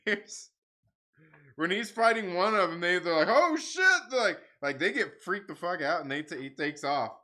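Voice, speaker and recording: A man hosts a casual livestream, talking in a loose, rambling way full of swearing and laughter. His voice sits high and sounds bright and forward. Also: moderate pace. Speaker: livestream host reading comics. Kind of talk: casual profane chat.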